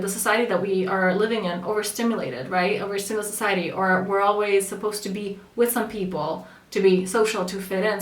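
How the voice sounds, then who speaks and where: A woman coaching in an earnest, conversational way, sometimes acting out the voices of people she quotes. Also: mid-range voice. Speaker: spiritual coach. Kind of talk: casual spoken coaching talk. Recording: echoey room, mic at a distance.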